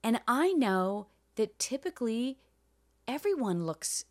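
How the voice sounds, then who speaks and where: A woman's voice: fairly high pitch, sing-song, slow pace. A woman co-hosting a podcast in casual, reflective chat. She speaks earnestly and openly, chuckling now and then. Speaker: podcast co-host, realtor.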